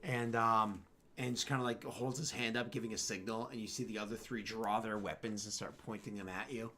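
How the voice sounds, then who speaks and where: A man with a hoarse, cracking voice narrating a tabletop role-playing game as game master, rambling with many fillers. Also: lowish voice, fairly even intonation, brisk, pushed and bright, a little hiss or hum.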